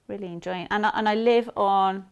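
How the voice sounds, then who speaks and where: A woman's voice: mid-range voice, fairly even intonation, a little fast, clear, resonant tone. Middle-aged woman, Black Country accent, casual guest demonstrating sewing, chatty and rambling. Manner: chatty, rambling with many fillers and restarts.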